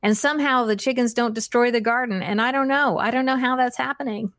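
A woman's voice: on the high side, steady tone, fairly quick, fairly bright tone, dry recording, studio quality. A woman hosting a live stream, answering chat questions in a casual, chatty way, laughing often and restarting her sentences. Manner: chatty, giggly, self-deprecating, many fillers and restarts.

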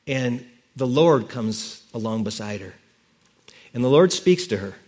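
A man preaching a sermon as pastor, telling the story in a lively way and correcting himself as he goes. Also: fairly high pitch.

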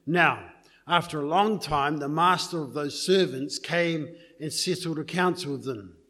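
Animated, slightly high-voiced male preacher. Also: unhurried. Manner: animated storytelling, loose and conversational. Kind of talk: sermon with a told joke and scripture reading.

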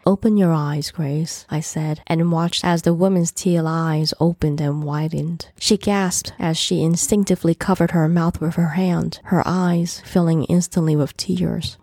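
A woman reads her own story aloud in a calm, measured voice that sits low and sounds mellow and dark. The microphone is close and the sound is dry, with no room around it. She tells the story in the first person, the way a podcast narrator would. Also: no echo.

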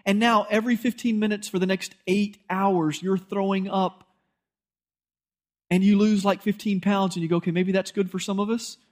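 A man's voice: high voice, level tone, normal speed, a little mellow. A male pastor, preaching a sermon in a conversational, storytelling way and acting out bits of dialogue.

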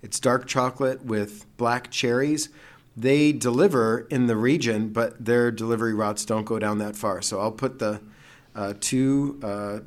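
A middle-aged man, a priest, co-hosting a casual talk show with a relaxed, jokey way of telling stories. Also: medium pitch, a little slow. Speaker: priest and co-host. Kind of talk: casual chat.

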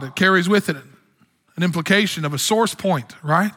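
A man's voice: high-pitched, moderate pace, pushed and bright. A man preaching a sermon as pastor, with impassioned delivery that climbs to exclamations. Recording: long hall reverb.

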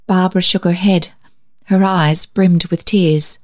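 A woman narrating a classic storybook in a measured, expressive reading. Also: on the low side.

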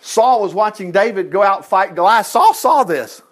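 A man leading a casual Bible study, chatty and folksy, breaking off into asides. His voice sits fairly high for a man. He retells scripture in plain, homespun words. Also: lively intonation, moderate pace. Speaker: Bible teacher.

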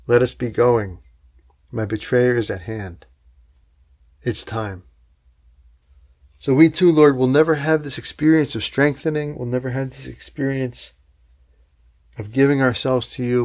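A man delivers a sermon in a voice of ordinary middle pitch. He is earnest and emphatic, pressing hard on key words before easing down to a soft, low close. Now and then he turns to his listeners with a quick rhetorical aside. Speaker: preacher.

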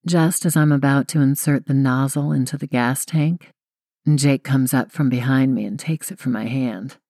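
A woman's voice: rumbling low, normal speed, warm tone, no echo, studio quality. A young woman reading a first-person audiobook in a wry, confiding way. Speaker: audiobook narrator.

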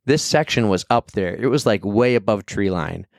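A man telling a long, animated story as a podcast guest, acting out the people in it. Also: on the low side, moderate pace, gravelly, no echo, clean studio sound. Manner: animated, rambling, acts out quoted people. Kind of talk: casual storytelling chat.

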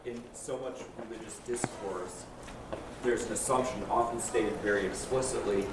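A man's voice: lowish voice, steady tone, normal speed. Class member, man, heard from across an echoey, noisy room. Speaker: class participant. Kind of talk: comment in discussion. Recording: distant, roomy, noisy.

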